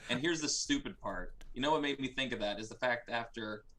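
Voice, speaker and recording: A man in mid-range pitch rants through a casual review chat. He swears freely and leans hard on sarcasm. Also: a little fast, sharp tone, a little hiss or hum. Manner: ranting, profane, sarcastic. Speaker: co-host.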